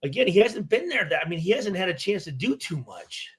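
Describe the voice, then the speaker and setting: Hesitant, cursing former player, high voice. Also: male voice, sing-song, brisk, a bit bright, breathy edge. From Michigan. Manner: hesitant, restarts a lot, swears freely. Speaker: former player and guest analyst. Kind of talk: casual podcast chat.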